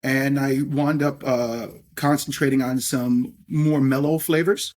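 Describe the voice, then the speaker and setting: A man's voice: mid-range voice, fairly even intonation, unhurried, a little mellow. A middle-aged man, a podcast guest, telling stories in a chatty, anecdotal way and often adding "if you will". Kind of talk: casual storytelling interview.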